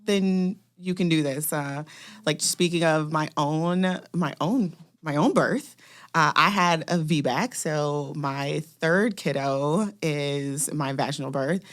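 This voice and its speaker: A woman doula on a radio panel, telling her birth story with lively acted-out quotes. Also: sits low, slow. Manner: lively storyteller who acts out quoted voices. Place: radio studio.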